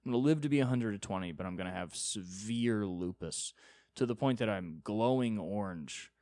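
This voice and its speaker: Low-voiced man ranting comically. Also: expressive, moderate pace, dark tone, dry recording. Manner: rambling, profane, self-deprecating. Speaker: podcast host, comedian. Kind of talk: solo comedic storytelling.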